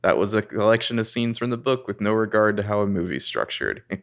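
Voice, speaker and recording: Deep, gravelly man in casual chat. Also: expressive, fast, fairly bright tone. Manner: rambling, laughs often. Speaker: podcast co-host. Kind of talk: casual movie review chat.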